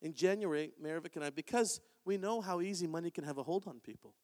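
A man delivers a sermon in a lively, conversational manner. His voice sits high for a man. The sound rings with a long reverb from a church sanctuary. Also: fast talker. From Canada. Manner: animated, conversational preaching with acted-out quotes. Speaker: pastor.

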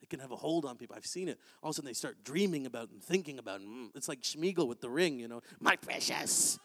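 A man preaching a sermon in a church, in an animated, conversational way. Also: mid-range voice, racing. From Canada. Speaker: pastor. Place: church sanctuary. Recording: long hall reverb.

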